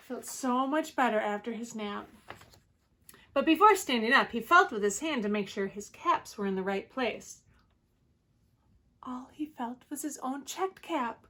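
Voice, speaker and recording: A woman preschool teacher reading a picture book aloud to children in a gentle voice, with soft asides to them. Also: fairly high pitch, measured pace. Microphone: home video recording.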